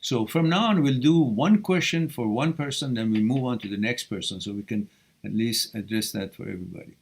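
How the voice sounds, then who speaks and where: A man hosting a live question-and-answer stream, reading viewer questions aloud and answering them with blunt, animated tough-love advice. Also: mid-range voice, fairly quick. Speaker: live Q&A host giving relationship advice.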